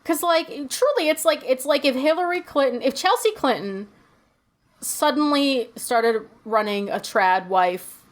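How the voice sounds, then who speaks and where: Woman co-host, higher voice, casual profane recap with acted-out quotes. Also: expressive, measured pace. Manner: loose and profane, many fillers, acts out characters' lines. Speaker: podcast co-host. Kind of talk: casual chat recapping a TV episode.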